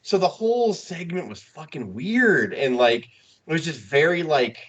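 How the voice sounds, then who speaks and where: Animated man retelling a wrestling segment. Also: on the high side, measured pace, muffled recording. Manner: animated storytelling, acting out quotes. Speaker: podcast co-host. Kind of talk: casual chat.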